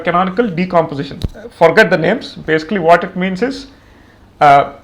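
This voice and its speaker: A man with a fairly high voice walks through a coding tutorial at his own pace. He explains in a plain, conversational way, often pausing on "uh" and "um" while he types and checks the results. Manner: thinks aloud with many "uh" fillers and pauses while typing. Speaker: programming instructor. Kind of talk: screen-recorded coding tutorial.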